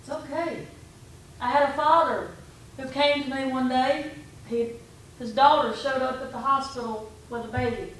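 A woman's voice: sits high, steady tone, moderate pace, fairly bright tone. A woman pastor preaching a sermon in a conversational, storytelling way, retelling her talks with a congregant. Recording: echoey room from far off, faint background noise.

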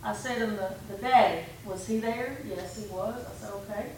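Heard from a distance in an echoey room with faint background noise, a woman pastor delivers a storytelling sermon recounting conversations with a congregant. She speaks at normal speed in a mid-range, slightly mellow voice.

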